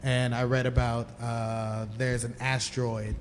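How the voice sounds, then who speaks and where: A man's voice: medium pitch, level tone, measured pace. A male comedian, a guest on the show, speaks hesitantly and stops often to fill gaps. His voice carries a long reverb tail. A faint hiss sits under it. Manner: hesitant, many fillers, chuckling. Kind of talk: casual chat.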